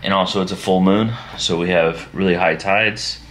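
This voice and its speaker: A man, chatting casually at home as a family vlogger, relaxed and rambling. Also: sits low, moderate pace, slight background noise. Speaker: vlogger and father. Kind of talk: casual chat.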